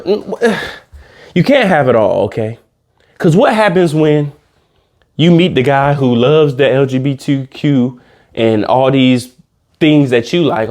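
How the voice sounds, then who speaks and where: A man hosting a comedic reaction video, ranting in casual slang and jumping into high mocking voices. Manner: animated, slangy, swings into high squeaky mock voices. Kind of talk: comedic rant reacting to a reality show.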